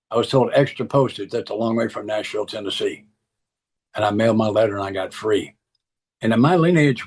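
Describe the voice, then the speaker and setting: A man's voice: lowish voice, husky. A middle-aged man, speaking earnestly and emphatically as he gives personal testimony to a recovery group, repeating key phrases.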